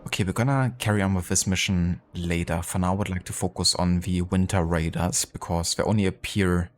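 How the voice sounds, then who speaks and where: A man streams a video game live, chatting casually and thanking viewers, with many fillers. His voice sits low with fairly even intonation and a brisk pace, and there's a little hiss or hum.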